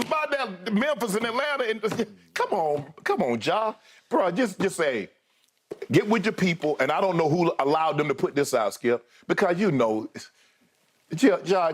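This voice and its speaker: A man's voice: sits high, sing-song, normal speed. A man co-hosting a sports debate show, talking in an emphatic, colloquial way and often addressing his co-host directly.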